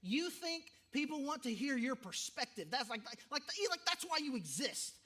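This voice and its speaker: A man voicing an angry older seminary professor who lectures and scolds his class loudly. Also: very high-pitched, big pitch swings, moderate pace, voice pushed up, heavily acted. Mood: scolding.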